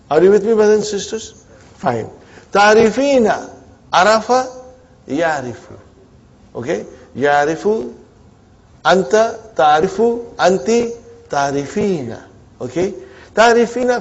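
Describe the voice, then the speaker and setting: A man with a fairly high voice leads an Arabic grammar lesson, quizzing his class and repeating the answers back. The sound is dull and lo-fi, like an old classroom recording. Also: a little mellow. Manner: drills students with frequent "huh?" and repetition; mixes Arabic phrases into English teaching. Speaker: Arabic teacher. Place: community centre classroom.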